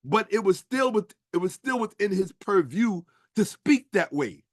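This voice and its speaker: High-voiced man lecturing emphatically. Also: animated, unhurried, dry recording, studio quality. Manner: emphatic, rhetorical, profane, asks the listener questions. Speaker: streamer and history commentator. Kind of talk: casual lecturing talk on a stream.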